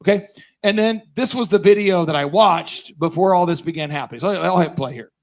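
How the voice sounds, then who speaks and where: A man's voice: sits high, a little fast. A man giving a storytelling talk at a conference, acting out the dialogue he quotes. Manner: animated, acts out quoted dialogue. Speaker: conference speaker.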